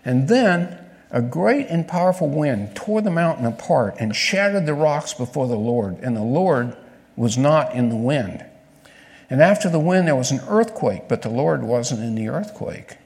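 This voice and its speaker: A man delivering a sermon in a lively, conversational way, putting questions straight to his listeners. His voice sits in a mid register. It carries the long reverb of a large church hall. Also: medium pitch, moderate pace. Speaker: preacher.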